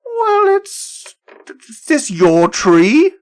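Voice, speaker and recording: A woman's voice: high voice, wildly swooping pitch, very slow, pitched above the performer's own voice, full character voice. A man voicing a small, touchy female fey creature who guards her grove. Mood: indignant. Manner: prickly, indignant, defensive.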